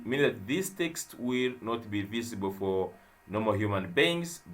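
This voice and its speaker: A man's voice: mid-range voice, a bit bright. A young man teaching web development in a coding tutorial, narrating as he types and thinking aloud with fillers and repeated phrases. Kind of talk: screen-share coding tutorial.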